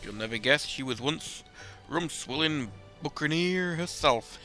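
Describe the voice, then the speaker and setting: A man voicing a gruff, chatty male sailor in a put-on rough seafaring accent, reading game dialogue aloud in character with a folksy drawl. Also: fairly high pitch, expressive, unhurried, bright, forceful tone, faint music behind, voice pushed up. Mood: storytelling.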